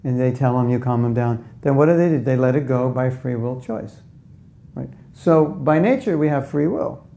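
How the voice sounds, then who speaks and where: A man's voice: mid-range voice, moderate pace, vocal fry, mellow. A man giving a conversational spiritual talk to a live audience, often asking them questions and acting out inner voices. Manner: acts out inner voices in quotes. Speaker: spiritual teacher.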